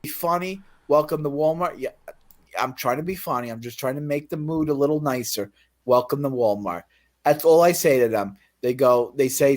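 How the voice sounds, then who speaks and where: A man's voice: medium pitch, moderate pace, darkish tone. A man ranting on a livestream about being fired as a cashier, profane and acting out the voices of the people he quotes. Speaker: fired store cashier telling his story.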